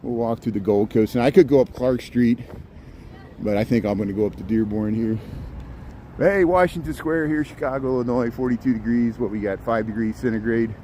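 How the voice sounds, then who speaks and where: A man's voice: mid-range voice, fairly quick, warm tone, a little hiss or hum. Chatty man live-streaming a city walk. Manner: rambling, chatty, reads out viewer comments. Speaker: live-streaming walking vlogger. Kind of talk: casual walking commentary to live chat. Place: outdoors on city streets at evening.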